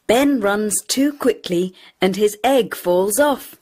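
A woman narrating a children's story in a slow, clear and expressive way. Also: mid-range voice, slight background noise.

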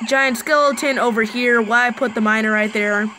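A woman giving chatty, live play-by-play commentary on her own mobile game match, with excited bursts. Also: fairly high pitch, normal speed, slight background noise, poor audio. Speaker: gaming channel host.

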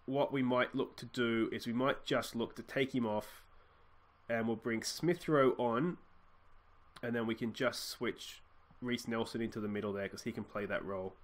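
A young Australian man hosts a let's play of a football management game, speaking into a desk mic at a moderate pace. His mid-range voice is chatty as he thinks aloud through tactics and substitutions, and he bursts into excited shouts whenever a goal goes in.

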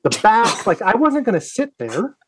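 Animated, profane man spinning a yarn. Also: high voice, moderate pace, husky. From United States. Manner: profane, animated, acts out his own quotes. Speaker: guest, Navy veteran. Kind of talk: casual podcast storytelling.

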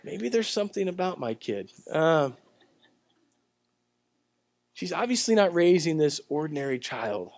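A man preaching a sermon at a church service, telling the story in a conversational way and swinging between loud, emphatic lines and quiet ones. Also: on the high side, very animated, measured pace, pauses often, dry recording. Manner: conversational storytelling with acted-out voices. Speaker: pastor.

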